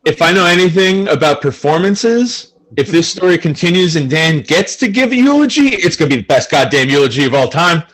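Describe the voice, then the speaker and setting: A man's voice: fairly high pitch, animated, brisk, hardly any pauses, fairly bright tone, low-quality recording. A man co-hosting a casual podcast, teasing his friends in playful banter. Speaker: podcast co-host. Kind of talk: casual chat.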